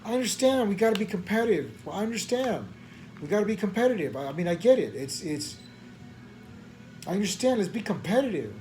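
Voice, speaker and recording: A man's voice: high-pitched, sing-song, a little fast, a little mellow, a little hiss or hum. A man, a preacher venting late at night in rambling, slangy talk full of stammered restarts and frustration. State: tired at night.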